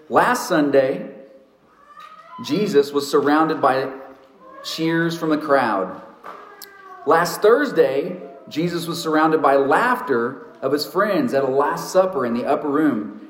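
Male pastor, slightly high voice, earnest story-driven sermon, echoey sanctuary sound. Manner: earnest storytelling preacher, slows for emphasis. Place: church sanctuary.

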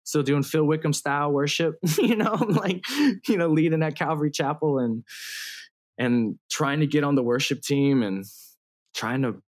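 This guest musician, a man in his thirties, speaks at a moderate pace in a voice on the high side. Laughing often, he recounts his story in a relaxed interview, peppering it with slang and fillers.

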